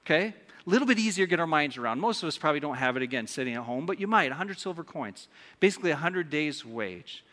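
A man delivers a sermon from the pulpit, teasing and questioning his listeners in a playful way. His voice sits a little high and rings bright and forceful. Long reverb trails behind every phrase, as in a big church hall. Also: animated, quick pace. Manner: playful, asks the congregation questions. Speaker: pastor.

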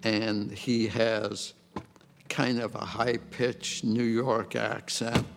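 An older man telling his personal testimony in a slow, reflective way over soft music. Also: medium pitch, fairly even intonation, creaky. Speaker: church member giving testimony. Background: soft instrumental music.

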